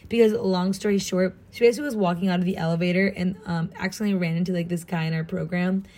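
A young woman with an American accent from Southern California chats to her camera about student life abroad. Her voice sits a little low and sounds mellow and warm, and her talk is bubbly and gushing, full of "like". She is tired and jet-lagged. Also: fairly even intonation, quick pace. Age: young adult. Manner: bubbly and gushing, heavy use of "like". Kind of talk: casual vlog chat.

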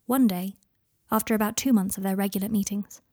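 A woman reading fan fiction aloud in a calm, even narrating voice. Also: mid-range voice, fairly quick, slightly rough, no room sound, studio quality. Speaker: reader.

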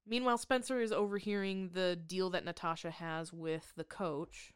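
A woman's voice: lowish voice, steady tone, normal speed, smooth, no echo, studio quality. A woman co-hosting a podcast, recapping a movie in casual chat with sarcastic, swearing asides. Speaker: podcast co-host.

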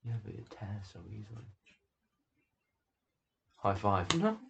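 A man co-hosting a casual podcast chat, talking in a deadpan, offhand way. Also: lowish voice, takes it slowly, creaky, background noise. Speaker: podcast co-host. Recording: dull lo-fi sound.

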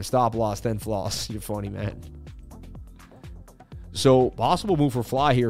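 A crypto chart livestream host speaks at normal speed in a lowish, darkish voice marked by vocal fry and long pauses, soft music playing underneath. He chats casually with viewers, joking in slangy language during his live market commentary.

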